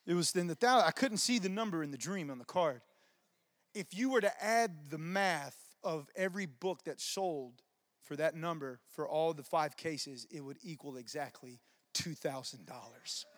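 A man telling a testimony and teaching in a church, animated and casual, tossing in "man" and "y'all". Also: fairly high pitch, moderate pace, no room sound. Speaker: preacher teaching on dreams.

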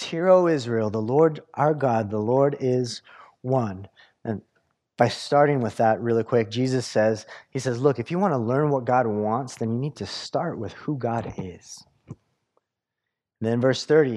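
A man's voice: mid-range voice, lively intonation, a little slow, a little mellow. A man preaching a sermon in a conversational way, with lots of fillers and restarts. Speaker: pastor.

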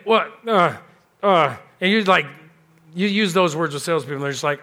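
A man's voice: on the high side, fast, sharp tone. A man preaching a sermon as pastor, telling a story in a conversational way and acting out the people he quotes. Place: church.

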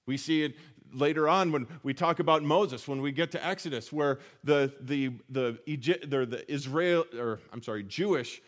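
A man's voice: fairly high pitch, moderate pace. Man preaching a conversational sermon. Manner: conversational teaching with rhetorical questions and self-corrections. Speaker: pastor.

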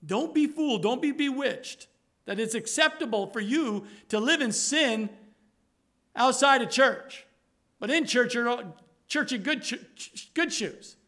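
High, bright-voiced man preaching fervently. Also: animated, unhurried. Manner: fervent preaching, repeats himself, drops to low soft tones. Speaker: pastor. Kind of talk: sermon.

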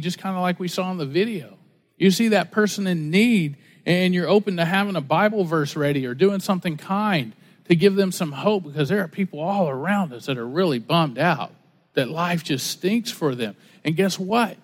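A pastor with a high-sitting voice preaches a sermon, telling stories animatedly and acting out the dialogue.

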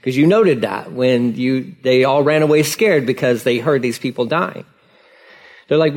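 A male pastor preaching a sermon in a casual, conversational way, acting out dialogue with lively emphasis. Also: medium pitch, measured pace.

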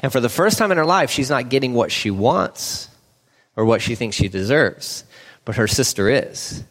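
A man preaching a sermon in a casual, conversational way, acting out the people in the story with animated voices. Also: mid-range voice, normal speed, long reverb tail. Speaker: pastor.

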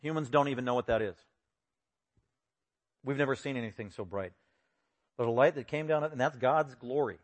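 A man preaching an expository sermon, lively and acting out the voices he quotes with sudden loud bursts. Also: medium pitch, normal speed, pauses often. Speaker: pastor.

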